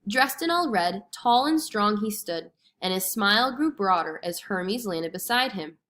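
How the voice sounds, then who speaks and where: A woman reading a storybook lesson aloud to children with expressive, clear storytelling. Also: mid-range voice, measured pace. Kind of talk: storybook read-aloud narration.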